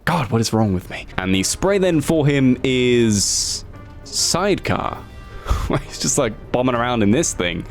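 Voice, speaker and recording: A man giving casual, excitable commentary as a gaming YouTuber. He swears freely and jokingly scolds himself as he talks. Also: mid-range voice, a little slow, soft background music.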